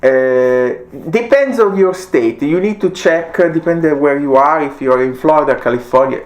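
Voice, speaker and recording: Man with an Italian accent, halting. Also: fairly high pitch. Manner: halting, frequent uh fillers, non-native grammar. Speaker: tech reviewer. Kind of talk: casual product demo.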